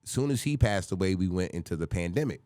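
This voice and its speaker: Deep-voiced man telling a story. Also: quick pace, no echo, clean studio sound. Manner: animated, acts out voices in his stories, curses freely. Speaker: comedian guest. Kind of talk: casual podcast storytelling.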